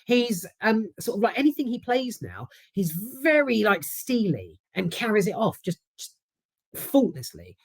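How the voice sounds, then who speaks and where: Woman, London accent, film reviewer, candid and profane, animated pitch, dry close sound. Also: a little slow, slightly rough, dry recording. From South London. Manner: candid, swears freely. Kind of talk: casual chat.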